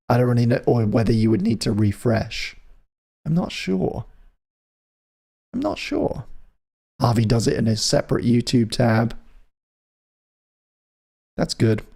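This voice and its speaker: A man's voice: fairly low pitch, darkish tone, breathy edge. A man from the UK hosting a live music stream, chatting casually and playfully with his viewers in a rambling, teasing way. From United Kingdom.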